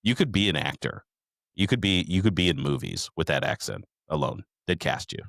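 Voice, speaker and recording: Deep-voiced profane podcast host. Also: male voice, lively intonation, fairly quick, gravelly, fairly bright tone, no echo, clean studio sound. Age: middle-aged. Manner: profane, rambling storytelling. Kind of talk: casual recap chat.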